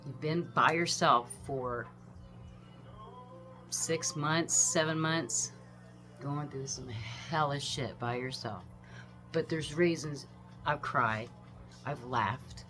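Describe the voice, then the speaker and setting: A woman's voice: low voice, fairly bright tone. A woman in her fifties giving a rambling, emotional personal monologue, swearing freely, trailing off and restarting. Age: 50s. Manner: emotional, profane, meandering, frequent sighs and laughs. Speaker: vlogger.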